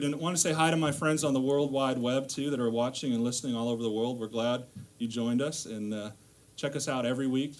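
In a church sanctuary, a man from the northern United States preaches a casual sermon as a guest lay preacher. His mid-range voice stays chatty and self-deprecating, full of fillers and restarts.

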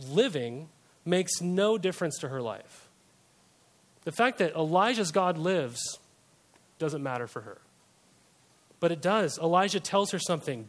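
A man's voice: sits high, fairly bright tone. A young male pastor preaching a sermon, talking conversationally and asking the congregation rhetorical questions. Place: church service.

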